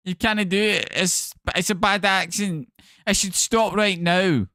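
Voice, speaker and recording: A man's voice: high-pitched, pushed and bright, no room sound, clean studio sound. A man voicing a pompous, bossy male accent coach who rants that only he can judge accents. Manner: pompous, repetitive, ranting. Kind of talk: comic improvised character bit on stream.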